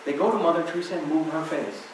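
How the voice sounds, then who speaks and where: A man's voice: a little high, fairly even intonation, fast talker. A man giving a reflective spiritual talk at a temple, telling stories in a conversational way. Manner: conversational storytelling. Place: temple hall. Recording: echoey hall from far off, faint hiss.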